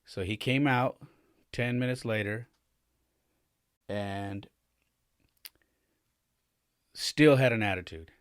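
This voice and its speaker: This is a dry, studio-quality recording of a man in his forties with a fairly low pitch, speaking slowly and pausing often. As a podcast host, he recounts a candid family story, voicing the dialogue while his voice climbs as he grows worked up.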